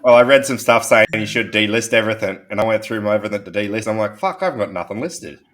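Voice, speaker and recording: Lower-voiced dry co-host. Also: male voice, fast talker, a crowd in the background. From Australia. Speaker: podcast co-host. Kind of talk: casual podcast chat.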